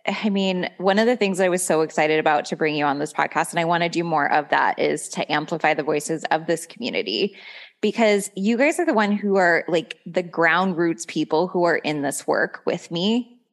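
A woman's voice: fairly low pitch, moderate pace. A young woman hosting a podcast in casual chat, laughing often and filling talk with "like". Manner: chatty, laughs often, says like a lot. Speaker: podcast host.

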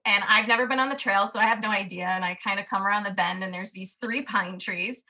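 A woman talks as a podcast guest in an easy, storytelling flow. Her voice is bright and clear-edged, earnest and lively, with plenty of casual "like" and "you know". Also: mid-range voice, fast.

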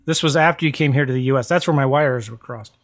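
A man's voice: mid-range voice, quick pace. A man hosting a podcast, chatty and upbeat, promoting his book and interviewing a guest. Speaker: podcast host.

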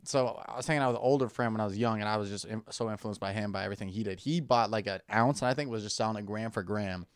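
A man's voice: on the low side, rapid-fire, clear, resonant tone, no room sound, clean studio sound. A young man co-hosting a podcast in casual chat, joking and putting on goofy voices for bits. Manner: lively, jokey, does goofy voices for bits. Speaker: podcast co-host.

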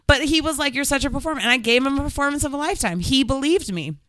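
A woman's voice: high voice, lively intonation, fast, a bit bright, no echo. A young woman in casual podcast chat, telling stories animatedly, acting out quotes and swearing freely.

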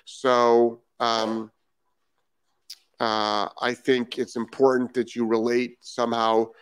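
This dog trainer from Rhode Island reads out comments from viewers on his live stream, slowly and in a flat, medium-pitched voice. He still stresses his points emphatically, repeating phrases and throwing in rhetorical questions. The tone is clean and the recording dry.

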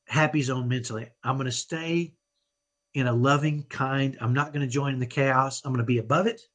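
As a podcast guest, a middle-aged man gives an earnest, motivational talk on parenting, frequently tagging his points with "right?". His voice is medium in pitch and slightly rough.

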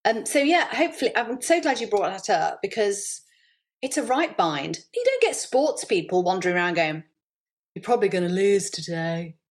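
A woman talking as a podcast guest in a chatty, animated storytelling way. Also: mid-range voice, normal speed. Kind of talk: casual interview chat.

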